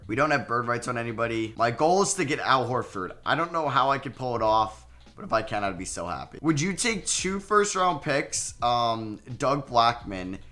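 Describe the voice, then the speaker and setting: Young guy doing basketball game commentary, bright voice, jumps from flat recaps to loud frustrated outbursts. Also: lowish voice. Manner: excitable, self-deprecating, swings between flat recaps and loud outbursts. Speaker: gaming YouTuber.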